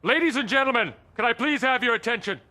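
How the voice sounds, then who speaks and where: A man putting on a theatrical, urgent news announcer's voice that shouts its announcement. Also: very high-pitched, expressive, fast talker, voice pushed up, heavily acted. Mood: urgent, dramatic.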